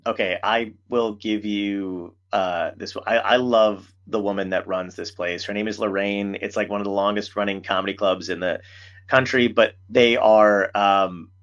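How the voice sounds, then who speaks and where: Guy hosting a podcast, chatty and animated, curses a lot, kinda muffled sound. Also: lowish voice, moderate pace. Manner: animated storyteller, swears a lot. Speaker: podcast host. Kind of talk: casual chat.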